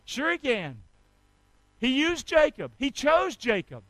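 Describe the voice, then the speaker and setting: A man preaching a sermon, drawing call-and-response from the congregation and swinging between loud exhortation and quiet asides. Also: extremely high pitch, wildly swooping pitch, slow pace, no room sound, low-quality recording. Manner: call-and-response, urging the congregation to repeat after him. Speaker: pastor.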